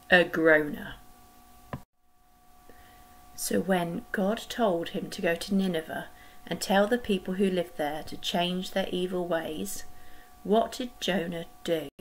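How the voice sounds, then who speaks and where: A woman leading a school collective worship, telling a Bible story to children with gentle, expressive pauses. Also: fairly low pitch, poor audio.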